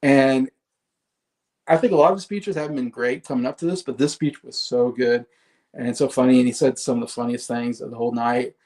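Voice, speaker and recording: A man's voice: medium pitch, fairly even intonation, brisk, darkish tone. A man giving a casual solo commentary on movie awards, chatty, with frequent fillers and laughs.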